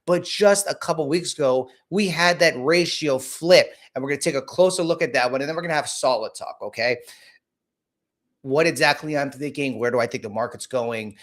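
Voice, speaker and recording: A man hosting a casual market livestream, hoarse from a cold, blunt and rambling with many restarts. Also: mid-range voice, fairly quick, fairly bright tone. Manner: rambling, repeats himself, frequent restarts; blunt and casual, greets viewers by name.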